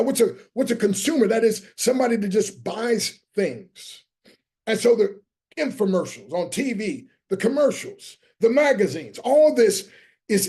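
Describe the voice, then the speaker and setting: A man's voice: high-pitched, vocal fry, a little mellow. A man giving a motivational business talk as a guest speaker. He speaks like a preacher, drives his points home with emphasis, and spells out key words letter by letter. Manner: preacher-like, emphatic, rallies listeners. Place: online training session.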